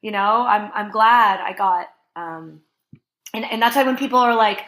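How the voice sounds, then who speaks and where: A woman in her thirties, a podcast guest, telling a long casual story in an animated way, laughing often and filling her talk with "like.". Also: mid-range voice, moderate pace. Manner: animated, laughing, heavy use of "like".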